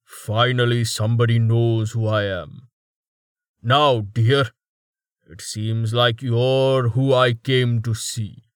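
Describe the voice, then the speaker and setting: A man's voice: mid-range voice, little pitch movement, slow pace, clean tone, no echo, clean studio sound, close to an everyday voice. A man voicing an arrogant bald male fighter who snaps at people and talks down to them. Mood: smug. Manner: snappish and condescending. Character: arrogant bald male brawler, brash and rude.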